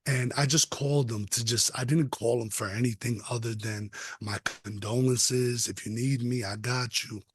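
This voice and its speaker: A man's voice: medium pitch, steady tone, normal speed, few pauses, background noise. A man on a podcast telling a personal story in an earnest, emphatic, casual way. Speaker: podcast guest.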